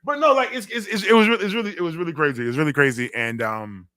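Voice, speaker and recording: A man's voice: a little high, fast talker, bright, forceful tone. A man from Western New York hosting a casual radio talk show, telling stories animatedly and laughing often. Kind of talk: casual chat.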